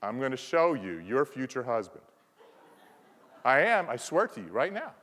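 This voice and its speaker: A man's voice: medium pitch, sing-song, moderate pace, a bit bright. Man joking on stage in echoing hall. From American South. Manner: playful, teasing the audience. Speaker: conference presenter. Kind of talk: keynote talk. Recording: reverberant conference hall.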